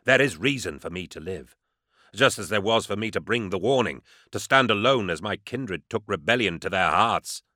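A man's voice: lowish voice, animated, moderate pace, bright, forceful tone, no room sound, clean studio sound. A man doing a stern, defiant warrior. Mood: firm. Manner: firm, insistent. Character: stern, loyal male warrior, defiant and proud. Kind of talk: audiobook character voice.

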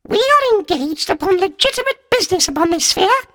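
Brief: a tiny sneering vole alien, shrill quavering falsetto, storybook reading. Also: male voice, lively intonation, a little fast, sharp tone, no echo, full character voice. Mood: pedantic. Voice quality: high, fluting, quavering voice. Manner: pedantic. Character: small furry vole-like alien leader, pedantic, sneering. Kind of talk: audiobook narration.

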